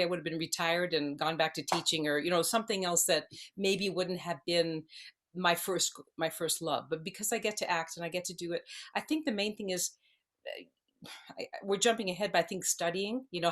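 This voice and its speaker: Brief: woman, around sixty, slightly low voice, digressive interview storyteller. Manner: rambling, digressive, circling back. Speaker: actress guest.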